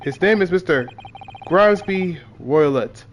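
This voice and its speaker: A man voicing a gruff, suspicious male Russian senior crewman who speaks slow, broken English in a lowered voice. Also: lively intonation, a little hiss or hum.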